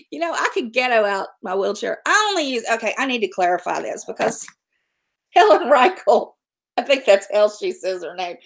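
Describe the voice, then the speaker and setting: A middle-aged woman chats on her livestream in a blunt, outspoken way. She swears without a second thought and laughs easily, and her voice sits a little high. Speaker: livestream host. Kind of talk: casual livestream chat.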